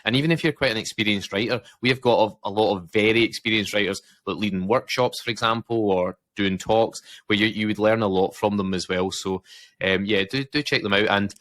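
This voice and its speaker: A man's voice: fairly low pitch, steady tone, brisk, fairly bright tone, dry recording. A Scottish man co-hosting a casual podcast chat, rambling and self-mocking with lots of fillers and restarts. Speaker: podcast co-host.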